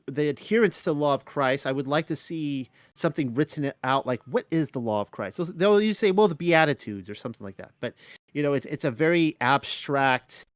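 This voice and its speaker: A man's voice: mid-range voice, no echo, studio quality. A young adult man talking casually through a Bible study, rambling with many restarts.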